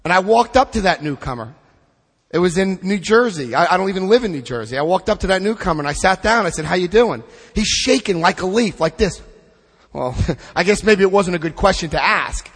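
A middle-aged man leading a recovery group through a book study, speaking with emphatic, drawn-out stresses and asking the room questions. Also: high voice, lively intonation, fairly bright tone, husky, long reverb tail. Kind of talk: impassioned recovery talk to a group.

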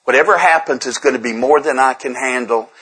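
At a twelve-step recovery workshop, a man shares candidly with the group in a conversational, self-deprecating way, often repeating words as he restarts sentences. His medium-pitched voice is a little fast, fairly bright, and slightly rough, and the audio is poor.

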